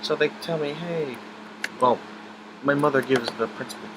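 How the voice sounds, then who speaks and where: A young man telling a personal story about his grandfather in a halting, emotional way, with many restarts and fillers. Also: mid-range voice, fairly even intonation, noisy background.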